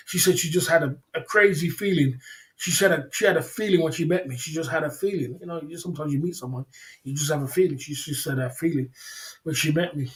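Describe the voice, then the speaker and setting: A man telling a rambling, slangy story on a livestream. He repeats himself and laughs often. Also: fairly high pitch. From England. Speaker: livestream host.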